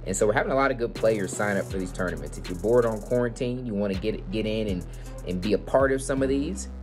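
Gaming channel host, male, eager casual pitch, trips over words, music bed underneath. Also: quick pace. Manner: excited, stumbling over words. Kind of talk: casual video intro. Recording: music playing behind.

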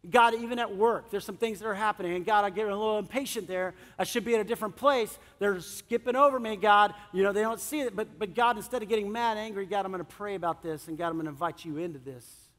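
A middle-aged male pastor preaching a sermon, animated, swinging between loud emphasis and soft, earnest moments. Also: high voice, fast, few pauses. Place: church sanctuary. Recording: long church hall reverb.

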